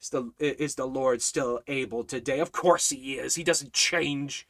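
A man's voice: medium pitch, fairly even intonation, a little slow, a bit bright. A man giving a Bible study as a sermon, preaching fervently with emphatic, repeated lines that build in intensity. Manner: preaching with rising fervor, repetitive emphatic lines. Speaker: Bible teacher.

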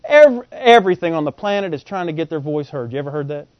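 A high-voiced male preacher teaches from scripture and keeps throwing questions at his listeners. The recording is dull and lo-fi, close and dry. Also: quick pace, dry recording. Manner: animated, quizzes the audience with rhetorical questions. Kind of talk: Bible teaching sermon.

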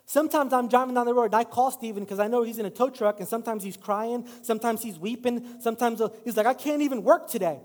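Male pastor, middle-aged, high voice, casual storytelling sermon, reverberant church. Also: fast, few pauses. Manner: casual, self-deprecating storytelling with rising preaching emphasis. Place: church sanctuary. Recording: long hall reverb.

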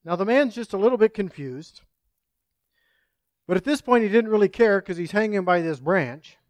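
A man's voice: sits high, animated, moderate pace, dry recording. A male pastor preaching a sermon, praying and telling a folksy story in an earnest manner.

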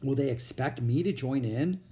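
A man's voice: medium pitch, normal speed, mellow, close to an everyday voice. A man reading a story aloud, voicing a thoughtful, earnest young boy. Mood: pondering.

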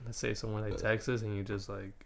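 A man's voice: on the low side, little pitch movement, fast talker, creaky, slight background noise. A young man, chatting in a laid-back, joking, rambling way. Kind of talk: casual chat.

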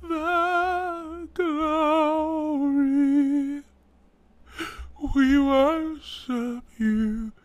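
Worship leader played by a man, high, slow, breathy croon. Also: fairly even intonation, dull audio, exaggerated voice. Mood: reverent. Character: hushed, swooning male worship leader.

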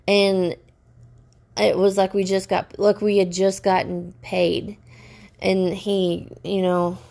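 A woman venting in a personal vlog rant, upset and stressed, talking haltingly with many restarts. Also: mid-range voice. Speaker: vlogger.

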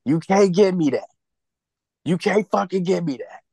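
Gravelly, blunt ranting podcast guy. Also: high-pitched, moderate pace, dark tone, no echo. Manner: blunt, profane, heated ranting. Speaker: podcast co-host. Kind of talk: casual chat.

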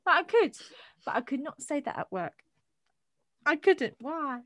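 Animated, swearing woman co-host. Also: high-pitched, a little slow, no echo, studio quality. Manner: swearing, animated, rhetorical questions. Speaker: podcast co-host. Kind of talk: casual chat.

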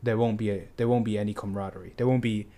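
A man's voice: on the low side, steady tone, rapid-fire, dark tone. A man in a casual book discussion, talking hesitantly with many fillers and restarts.

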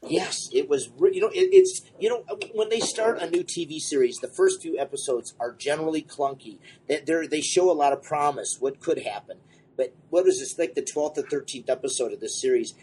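A man co-hosting a casual comics podcast, rambling and excitable, running a comic shop and apologizing for talking too much. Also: on the high side, brisk, husky. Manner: rambling, excitable, self-deprecating.

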